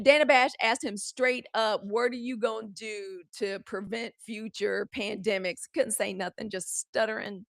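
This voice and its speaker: A woman's voice: fairly high pitch, vocal fry, fairly bright tone, dry recording, studio quality. Blunt, exasperated woman hosting news. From United States. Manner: blunt, exasperated, profane, talks straight to viewers as "y'all". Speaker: host of a daily live news commentary show. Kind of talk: casual live news commentary.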